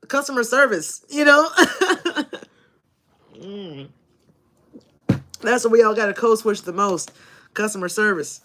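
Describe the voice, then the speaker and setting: Animated, laughing woman streamer. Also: medium pitch. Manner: laughs often, profane and animated. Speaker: live streamer. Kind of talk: casual live stream chat.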